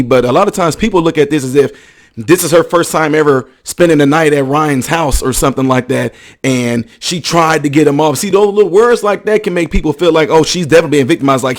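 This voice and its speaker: A man hosting a commentary video, talking emphatically, acting out quotes and checking that listeners follow him. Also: fairly high pitch. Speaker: ministry counselor.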